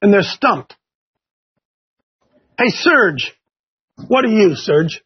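With an expressive delivery and drawn-out words, a man from Ohio preaches a chatty, folksy sermon to a Bible class, questioning his listeners again and again. His voice is unusually high and husky, captured on a muffled, lo-fi recording.

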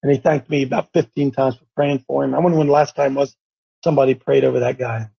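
A man hosting a faith talk show, telling a story in an animated, stumbling, repetitive way. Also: medium pitch, quick pace, vocal fry, husky, highs cut off. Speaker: host.

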